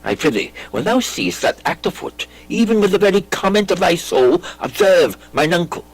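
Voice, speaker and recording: A man reading a classic play aloud, voicing a brooding, intense young prince with lively theatrical delivery. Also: high voice, moderate pace, heavily acted, low-quality recording. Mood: earnest. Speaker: audiobook reader.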